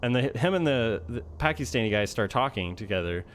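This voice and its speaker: A man's voice: medium pitch, expressive, a little fast, a little hiss or hum. Rambling young man telling a story. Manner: rambling, heavy use of fillers. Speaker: vlogger. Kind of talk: casual storytelling.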